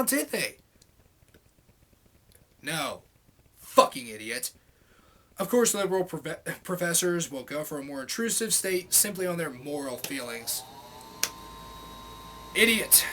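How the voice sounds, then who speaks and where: A man's voice: high voice, pushed and bright, poor audio. A man ranting angrily at a commenter, sarcastic and exasperated, swearing often. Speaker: vlogger. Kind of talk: angry rant reading out comments.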